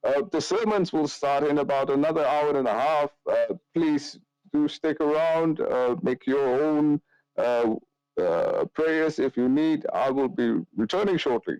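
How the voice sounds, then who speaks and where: A man's voice: fairly high pitch, a little mellow, clear, resonant tone, no echo, muffled recording, pitched above the performer's own voice, lightly acted. A man voicing a courteous older male village priest who talks in a polite, ceremonious way. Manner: polite, ceremonious and slow, with hesitant fillers.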